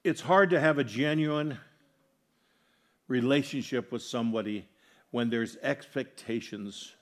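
A man preaching a sermon, earnestly putting questions to his congregation and moving between loud, emphatic lines and soft, quiet ones. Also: medium pitch, unhurried. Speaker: pastor.

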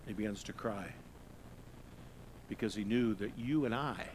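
A middle-aged male pastor preaching a sermon, swinging from loud emphasis to hushed, low passages. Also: measured pace, slight background noise.

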